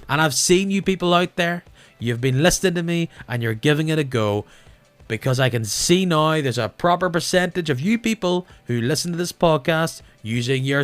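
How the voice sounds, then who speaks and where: A man hosting a podcast, chatting casually and playfully as he signs off. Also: medium pitch. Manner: chatty, lively sign-off with playful asides. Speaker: podcast host.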